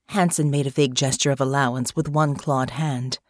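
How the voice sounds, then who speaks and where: A woman narrating an audiobook in a measured, even storytelling manner. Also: a bass voice, dry recording, clean studio sound.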